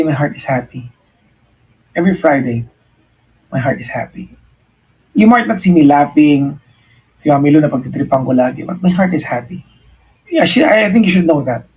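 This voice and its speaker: A man's voice: high-pitched, vocal fry, a little mellow, husky, poor audio. A man with a Filipino accent, a radio host giving earnest, reflective life advice in casual chat and often restarting his sentences. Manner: earnest and reflective, mixing English and Tagalog, frequent restarts. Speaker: radio host answering a listener.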